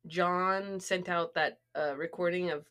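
Chatty woman co-host with a bright voice. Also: fairly low pitch, fairly even intonation, measured pace. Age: middle-aged. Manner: rambling, full of "like" and restarts. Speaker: podcast co-host. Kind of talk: casual chat.

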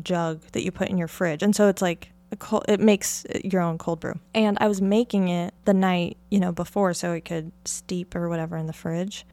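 A young woman from Oregon chats through a solo podcast episode, keeping her pitch in an ordinary middle register. She rambles freely from thought to thought. Filler words and small laughs run through her easy talk. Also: a little mellow, no room sound. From Oregon, United States. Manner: chatty and rambling, heavy use of "like", light laughter. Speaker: podcast host. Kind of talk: casual solo podcast chat.

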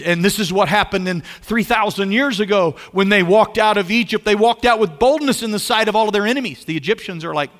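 A man with a high, bright voice preaches a sermon as pastor. He talks in an animated way, repeats his phrases and keeps asking his listeners questions. His voice carries a long reverb, as in a large hall. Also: a little fast, hardly any pauses.

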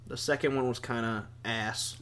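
A man with a mid-pitched voice chats on a podcast in a relaxed, rambling way. He gets enthusiastic as he talks, and a faint hum sits under the recording. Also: moderate pace. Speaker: podcast co-host. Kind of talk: casual podcast chat.

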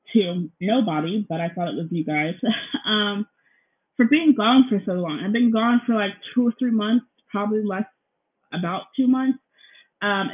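A young woman talks through her solo podcast from her apartment, rambling and apologizing, with a nervous edge. Her words are full of ums and "you guys." The sound is thin and tinny, recorded straight into a laptop. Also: medium pitch. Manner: nervous, feels out of breath. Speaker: podcast host. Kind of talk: casual solo podcast chat. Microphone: laptop recording, headphones in.

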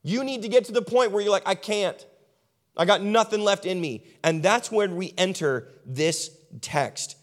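A man delivers a sermon with a voice on the higher side for a man. He hammers points through repeated lists and then drops low and quiet to stress a line. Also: moderate pace, in a large hall. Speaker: pastor.

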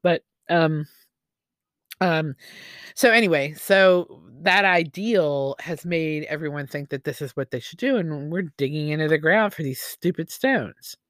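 A man's voice: fairly high pitch, lively intonation, moderate pace, few pauses, a bit bright, no room sound, studio quality. A man hosting a podcast, talking in a rambling, opinionated way with many fillers and restarts. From United States. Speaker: podcast host. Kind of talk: casual opinion monologue.

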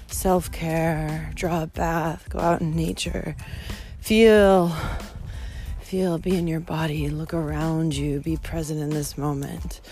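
A woman's voice: sits low, flat delivery, measured pace, few pauses, dark tone, faint music behind. A woman talking through a personal monologue outdoors, candid and emotional, with frequent swearing and fillers. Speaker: podcast host hiking a long-distance trail.

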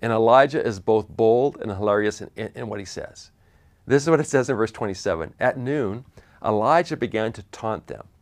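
Lively low-voiced male preacher. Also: normal speed. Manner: animated storytelling with repeated restarts and chuckles. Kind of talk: sermon retelling a Bible story.

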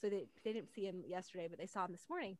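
A woman's voice: lowish voice, very fast. A woman hosting a podcast, telling chatty family stories and laughing often. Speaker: podcast host. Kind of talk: casual chat.

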